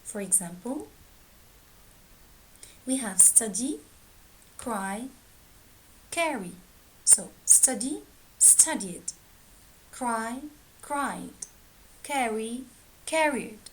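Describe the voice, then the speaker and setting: Slow, deliberate woman teaching grammar. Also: fairly high pitch, animated, a little hiss or hum, rough recording. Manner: slow, deliberate, reading out word pairs. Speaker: English teacher. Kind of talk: grammar lesson.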